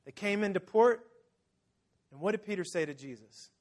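This pastor's voice is high and his pace moderate. He brings the sermon's story to life by playing out scenes and talking straight to the people in the pews.

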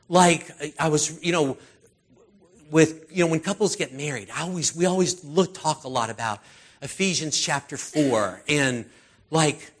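Middle-aged guy preaching, casual and rambly, lots of "like" and "you know", slightly high voice. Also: fairly bright tone. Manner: conversational, rambling with many fillers. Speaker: pastor. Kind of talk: sermon.

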